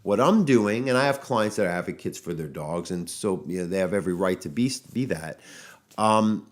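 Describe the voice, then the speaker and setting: Ranting low-voiced male dog trainer. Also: normal speed. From United States. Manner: animated, exasperated ranting with fillers and restarts. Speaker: podcast host, dog trainer. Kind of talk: casual solo podcast monologue. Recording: audio-only podcast.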